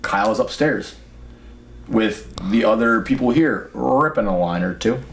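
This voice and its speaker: A man's voice: fairly low pitch, a little slow, slight background noise. A young man telling a long party story in casual chat, rambling and swearing as he goes. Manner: profane, rambling, animated retelling. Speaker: podcast host telling a story.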